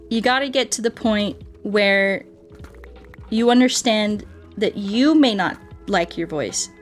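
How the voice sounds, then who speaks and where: A playful, goofy woman streaming a game and chatting freely with her viewers. Her speaking voice sits at an ordinary middle pitch for a woman, and she keeps poking fun at herself. Game music plays faintly underneath. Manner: goofy, playful, self-joking. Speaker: streamer and ASMR artist. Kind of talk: casual livestream chat with viewers.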